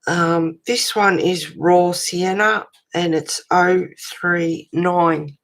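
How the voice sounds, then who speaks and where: A woman's voice: lowish voice, steady tone, drawn-out words. An Australian woman chatting bluntly while colouring on a livestream, ranting and swearing freely and reacting to chat messages.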